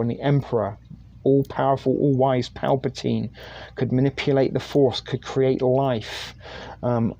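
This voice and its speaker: A man's voice: mid-range voice, warm tone. A man hosting a livestream in casual chat, rambling, joking and swearing freely. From United Kingdom. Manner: rambling, jokey and profane. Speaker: livestream host.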